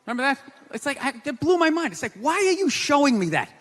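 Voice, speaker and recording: A male stand-up comedian ranting loudly with mock outrage in a live set. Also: extremely high pitch, big pitch swings, fast talker. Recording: live concert hall with crowd noise.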